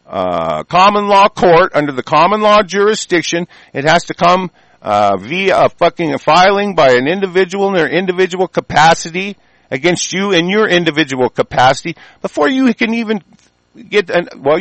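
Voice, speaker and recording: A man's voice: fairly high pitch, a bit bright, no echo. A man delivering an angry, heated monologue full of profanity and stumbling restarts.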